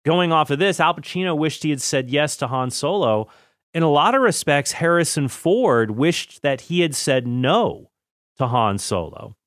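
Man, thirties, casual film commentary, chatty, self-correcting, mid-pitched voice, dry close sound. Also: fairly bright tone, no echo.

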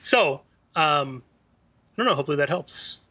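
A man's voice: a little high, expressive, moderate pace, bright, forceful tone, highs cut off. A man from the central United States, a guest on a radio call-in show, explaining things in an easygoing, wry way. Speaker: studio guest answering questions.

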